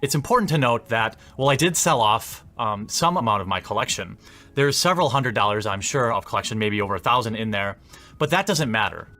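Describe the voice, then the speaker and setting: A man speaking a monologue to camera, laying out his argument in a measured way with rising endings. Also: on the low side, lively intonation, pushed and bright. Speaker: commentator in a played video.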